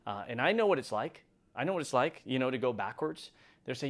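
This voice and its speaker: A middle-aged man giving an emphatic motivational talk as the host, building from calm reflection to near shouting. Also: mid-range voice, fairly quick. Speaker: motivational speaker.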